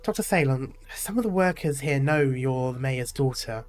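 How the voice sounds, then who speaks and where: A streamer voicing a cautious, reluctant man from a game story. He hedges every answer in a plain, mid-pitched voice. Quiet music plays behind. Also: expressive, moderate pace, close to an everyday voice. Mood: hedging. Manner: hedging, reluctant. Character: man, cautious and hedging worker.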